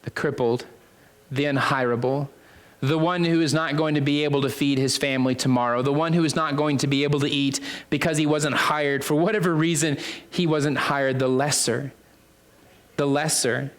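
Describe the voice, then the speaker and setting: Male preacher, conversational sermon, slightly high voice, lots of fillers and repeated phrases for emphasis. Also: fairly even intonation, moderate pace. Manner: conversational, with many fillers and restarts.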